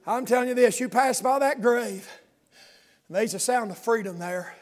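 High-voiced man preaching a fervent sermon. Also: moderate pace. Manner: impassioned, builds from soft talk to fervent shouting cadence.

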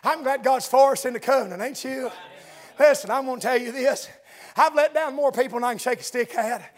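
Revival preacher, male, very high voice, shouts and drawls. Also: fairly quick. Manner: shouting, drawling, dialectal grammar, constant amens. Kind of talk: fiery revival sermon.

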